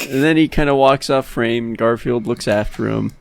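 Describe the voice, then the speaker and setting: A man's voice: mid-range voice, normal speed, gravelly, hardly any pauses, slight background noise. A man co-hosting a let's play in casual banter, giggling as he describes comic panels in detail.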